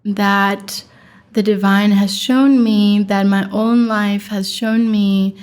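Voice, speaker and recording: A woman's voice: mid-range voice, fairly even intonation, slow, a little mellow, smooth. A young woman from Pakistan, a guest in an interview, telling a personal story in a reflective way and quoting her own thoughts.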